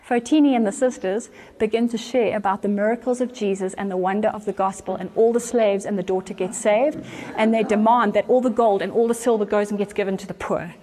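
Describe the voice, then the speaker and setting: A woman's voice: mid-range voice, fairly even intonation, brisk, warm tone. A woman preaching, retelling a story earnestly and with animation. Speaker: church speaker. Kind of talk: storytelling sermon.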